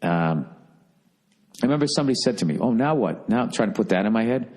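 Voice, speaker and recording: A man's voice: lowish voice, expressive, quick pace, darkish tone. A man hosting a podcast, telling a story in a casual, profane, emphatic monologue. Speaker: podcast host.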